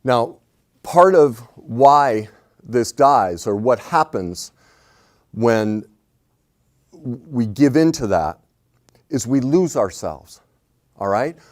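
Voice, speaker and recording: A middle-aged man coaching on relationships, swinging between hushed reflection and loud emphatic points. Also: mid-range voice, lively intonation, extremely slow, long pauses. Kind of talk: animated advice talk.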